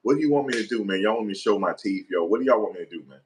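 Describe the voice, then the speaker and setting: A man doing casual vlog commentary, animated and slangy, repeatedly pleading with viewers for likes. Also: lowish voice, very fast, a little hiss or hum. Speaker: online commentator.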